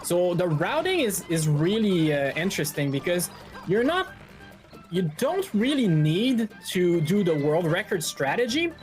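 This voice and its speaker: A speedrunner giving relaxed, filler-heavy live commentary while playing, a little out of breath. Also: mid-range voice, measured pace, soft background music. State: slightly out of breath.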